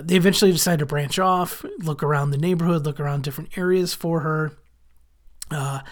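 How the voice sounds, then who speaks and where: A man hosting a podcast, casually recapping a TV episode with wry asides and frequent pauses of "uh". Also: on the high side. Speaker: podcast host.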